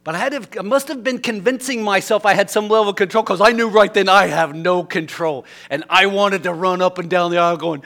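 A male pastor preaching a sermon in a church, telling a story animatedly, swinging from loud to hushed. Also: high-pitched, moderate pace. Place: church sanctuary.

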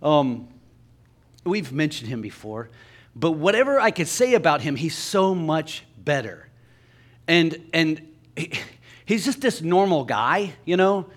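A man with a Southern Ohio accent, his voice sitting a little higher than most men's, preaching from the pulpit of a church. He tells a personal story in a conversational way, dropping to quiet asides and then rising to loud, emphatic lines. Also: very animated, unhurried. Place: church sanctuary.

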